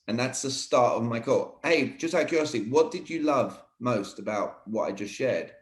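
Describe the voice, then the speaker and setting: Energetic man coaching sales, roomy echo. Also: mid-range voice, normal speed. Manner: energetic, emphatic, repeats "all right". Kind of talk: teaching sales techniques in conversation.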